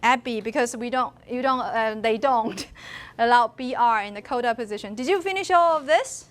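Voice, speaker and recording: A woman's voice: a little high, moderate pace. A female university lecturer with a Taiwanese accent, giving a classroom lecture and often asking the students questions and laughing.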